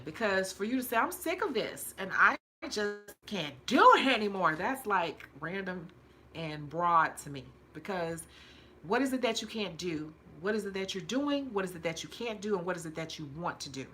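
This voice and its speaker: A woman's voice: on the low side, bright, forceful tone, a little hiss or hum. A woman from hosting a casual livestream as a nail technician, chatty and emphatic, repeating her points and laughing often.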